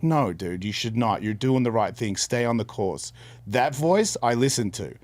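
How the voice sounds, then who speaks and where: A man's voice: mid-range voice, animated, normal speed, a little mellow. A middle-aged man telling a personal story candidly on a podcast, in earnest, rambling, casual talk. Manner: repeats and restarts words mid-sentence. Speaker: podcast co-host.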